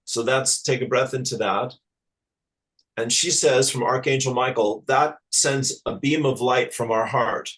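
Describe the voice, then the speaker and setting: A man from Ireland, a spiritual teacher talking as an interview guest in a halting, earnest, affectionate way with many restarts. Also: mid-range voice, steady tone, a bit bright, poor audio. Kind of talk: casual spiritual interview chat.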